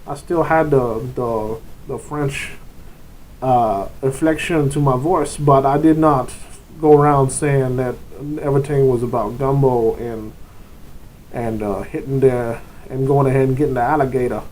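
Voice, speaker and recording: A man's voice: mid-range voice, steady tone, a little slow, darkish tone, slight background noise, low-quality recording. A man giving casual, rambling advice as a tabletop game master, wandering off topic and dropping into brief put-on voices. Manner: rambling and digressive, often breaking into short put-on voices.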